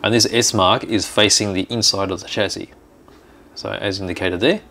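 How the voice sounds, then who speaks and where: A man hosting a workshop video, calmly explaining each step of a kit build in casual chat. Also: on the low side, moderate pace, slight background noise. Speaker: hobby shop host building a kit.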